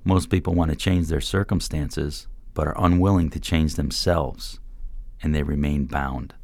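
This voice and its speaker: A man voicing a calm, firm male business mentor in an audiobook, lecturing in a measured way. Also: very deep voice, dry recording. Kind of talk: audiobook character voice.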